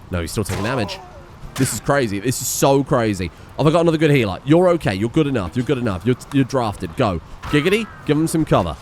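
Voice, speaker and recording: A man's voice: mid-range voice, a little hiss or hum. Man panicking through a chaotic game. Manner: swears and panics, swinging from mutters to yelps. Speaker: gaming streamer. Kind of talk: live gameplay commentary.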